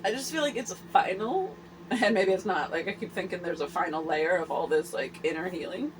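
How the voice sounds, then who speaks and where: A woman in her forties hosting a candid personal vlog, talking earnestly and haltingly with many fillers and restarts. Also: on the low side, noisy background. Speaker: host.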